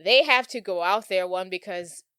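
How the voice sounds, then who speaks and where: A woman's voice: medium pitch, normal speed, clean tone, no echo. Woman chatting on a podcast, retelling a movie plot, doing little voices for the characters, dry close sound. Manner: animated retelling, acting out characters' lines. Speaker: podcast co-host. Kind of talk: casual movie recap chat.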